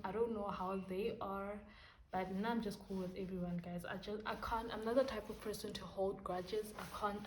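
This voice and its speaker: A young South African woman vlogging, telling a story casually to camera in slangy, animated talk. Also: medium pitch, echoey room, slight background noise, rough recording. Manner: animated, slangy, mixing in Sesotho phrases.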